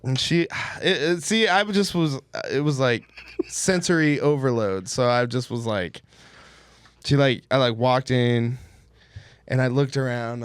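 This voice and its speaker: A man's voice: mid-range voice, unhurried, clear, resonant tone, no echo. Rambling, swearing man telling a story. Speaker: podcast co-host. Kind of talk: casual comedy podcast chat. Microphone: podcast studio microphone.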